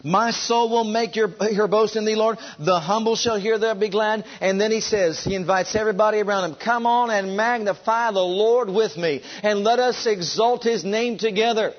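A man preaching a sermon with fervent, drawn-out emphasis, leading his congregation to repeat after him. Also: high-pitched, dull audio. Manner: leads the congregation in call and response.

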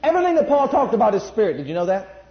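A man preaching a sermon, emphatic, jumping between loud bursts and quiet asides. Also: sits high, sing-song, racing. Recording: echoey room, dull lo-fi sound.

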